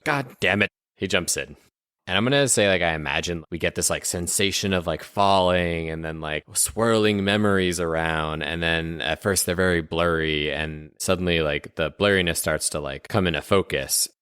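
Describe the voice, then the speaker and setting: A man with a low, dry voice narrates a tabletop game as game master. He talks casually and leans on fillers. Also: fairly even intonation, moderate pace, fairly bright tone, clean tone, no room sound. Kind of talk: tabletop role-play narration.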